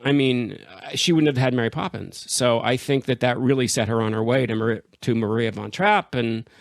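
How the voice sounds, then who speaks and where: A man's voice: mid-range voice, normal speed, vocal fry, no room sound, studio quality. Chatty enthusiastic male podcast host. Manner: enthusiastic, chatty, laughs often. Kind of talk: casual film discussion.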